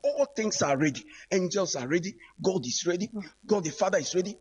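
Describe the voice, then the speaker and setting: A man's voice: sits high, expressive, brisk, a little mellow. A man, preaching on the radio and fervently calling out to listeners, again and again. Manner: fervent, repetitive, calls out listeners directly. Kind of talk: preaching broadcast appeal.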